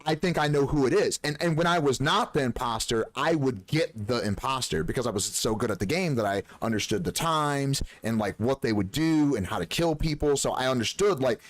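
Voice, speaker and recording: A man streaming live, telling gaming stories in an animated, profane way and acting out the dialogue. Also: medium pitch, brisk, few pauses, no room sound. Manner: animated storyteller, swears freely, acts out dialogue. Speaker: game streamer. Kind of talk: casual live-stream chat.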